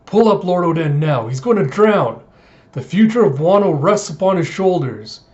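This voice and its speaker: A man doing a frantic, shouting young samurai. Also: animated, brisk, close to an everyday voice. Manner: loud, pleading, raised pitch. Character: loyal young male samurai retainer, frantic. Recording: dull lo-fi audio.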